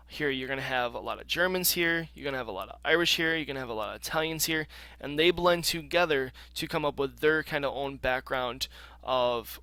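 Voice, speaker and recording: Male teacher, bright dry voice, casual recorded lecture, loose and explanatory with ums. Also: medium pitch, dry recording. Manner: casual explaining with frequent ums and throat clearing.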